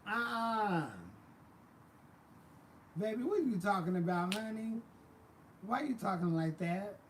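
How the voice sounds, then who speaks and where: With a high voice and lively intonation at normal speed, a man runs a casual livestream, bantering sassily and calling viewers baby and honey. Slight background noise can be heard.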